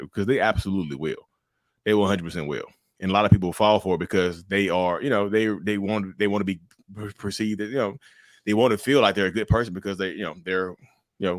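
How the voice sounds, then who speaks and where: Interview guest: middle-aged man from North Carolina, very low voice, animated casual delivery, dry recording. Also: dry recording. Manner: animated, laughs often, acts out quotes.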